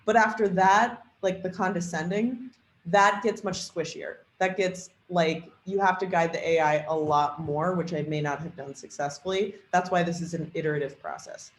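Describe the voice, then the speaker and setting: A woman with a fairly low, steady voice gives a casual tutorial on tuning an AI character, demoing the tool as a trainer. She speaks at a moderate pace and thinks aloud with lots of fillers, and the recording is rough, with an echoey room.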